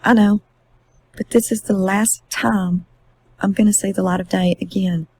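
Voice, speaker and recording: A woman voicing a young man confessing quietly. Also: medium pitch, fairly even intonation, moderate pace, husky, poor audio. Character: young husband confessing, flat and subdued.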